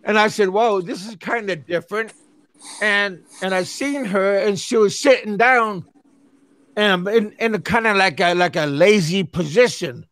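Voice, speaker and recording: A man's voice: high-pitched, a little slow, a bit bright, clear, resonant tone, no echo. A man hosting his own show, telling a story in casual chat and stumbling over his words, repeating them as he goes. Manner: talks back to chatters who interrupt him. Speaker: show host.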